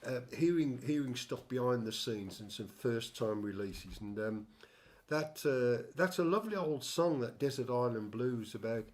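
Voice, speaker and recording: A man's voice: mid-range voice, expressive, normal speed, few pauses, darkish tone. An older man hosting a casual music chat, telling a long story with many restarts and wry asides. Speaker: show host and songwriter.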